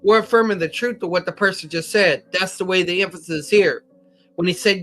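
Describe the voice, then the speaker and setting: A man's voice: high-pitched, brisk, sharp tone, soft background music. An American man teaching a methodical Bible lesson, citing chapter and verse with occasional slips. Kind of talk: scripture lesson.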